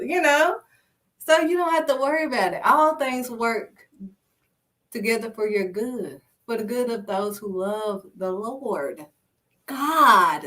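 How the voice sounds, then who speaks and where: A woman with a high voice gives a casual, emphatic faith talk. She punctuates each point with a firm "period" and calls her listeners honey and sweetheart. She sits a little back from the microphone. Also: fairly bright tone, recorded from a distance. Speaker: faith speaker. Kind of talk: casual preaching monologue.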